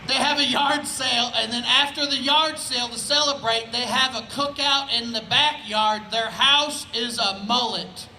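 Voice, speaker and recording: A man's voice: extremely high pitch, fairly even intonation, normal speed, hardly any pauses, bright, forceful tone, roomy sound, a little hiss or hum, poor audio. A man from Indianapolis doing laid-back, conversational stand-up on an outdoor festival stage, often asking "right?". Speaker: stand-up comedian. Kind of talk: live stand-up comedy.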